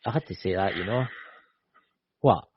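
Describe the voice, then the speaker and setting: A man's voice: deep voice, normal speed, slightly rough, no echo. A Scottish man co-hosting a live-stream chat over a video call, teasing and joking, with lots of "you know". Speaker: co-host. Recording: dull lo-fi call audio.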